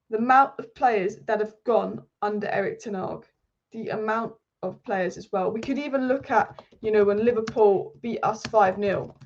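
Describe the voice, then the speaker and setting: A woman hosting a football channel, talking through transfer news in a passionate, rapid-fire way. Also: mid-range voice. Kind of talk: casual football commentary monologue. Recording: slightly dull lo-fi audio.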